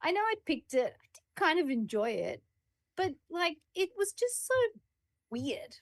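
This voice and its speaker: A woman's voice: high voice, sing-song, a little slow, dry recording, clean studio sound. A woman, chatting bluntly and swearing freely as a podcast co-host. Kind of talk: casual chat.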